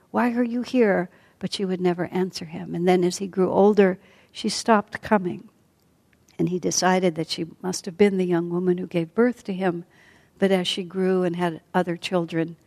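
A woman teaching a class as a storyteller, speaking softly and often sinking to a near whisper. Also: fairly low pitch, flat delivery, normal speed, vocal fry. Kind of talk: storytelling lesson.

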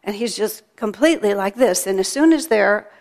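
A woman's voice: mid-range voice, animated, moderate pace, darkish tone. A woman giving a chatty, storytelling sermon at a temple. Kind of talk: sermon with a told joke. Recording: long hall reverb.

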